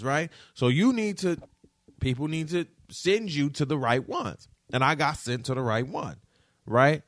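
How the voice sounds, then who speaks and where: Man, casual storytelling, animated and profane, dry close sound. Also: a little high, unhurried, no echo. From Detroit. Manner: animated, profane, keeps checking in with the audience.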